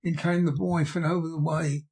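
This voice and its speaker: Husky male audiobook narrator. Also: on the high side, level tone, normal speed, a little mellow.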